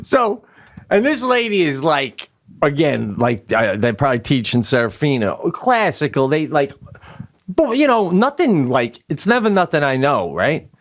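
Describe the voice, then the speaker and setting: A man's voice: on the high side, wildly swooping pitch, a little slow, dry recording, studio quality. A middle-aged man co-hosting a podcast, rambling in casual comedic chat, laughing often and swearing freely. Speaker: podcast co-host.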